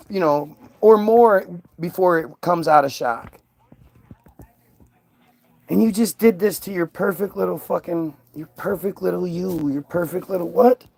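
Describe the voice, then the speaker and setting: A man's voice: sits high, no echo. A man talking in a heated, profane, unscripted monologue, stumbling and restarting his sentences as he goes. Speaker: vlogger.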